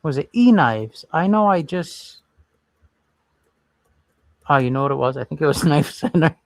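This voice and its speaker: Male stream host, slightly high voice, rambling casual chat. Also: expressive, a little slow, no room sound. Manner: rambling, thinks aloud while browsing. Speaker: livestream host.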